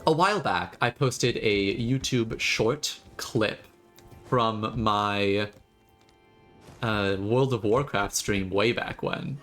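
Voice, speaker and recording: A man's voice: lowish voice, takes it slowly, faint music behind. Man chatting animatedly while streaming a game. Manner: animated, sarcastic, rambling. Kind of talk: casual gameplay commentary.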